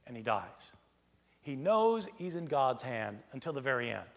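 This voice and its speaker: A man giving a lecture in an animated way, posing rhetorical questions and acting out imagined back-and-forth exchanges. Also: sits high, moderate pace. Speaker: lecturer on early Christian texts. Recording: long hall reverb.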